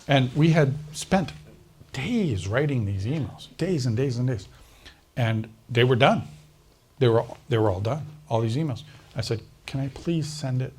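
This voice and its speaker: A male interview guest with a slightly mellow voice at a typical middle pitch tells a lively personal story, playing the other speakers and breaking into frequent laughter. There's a little hiss or hum in the recording.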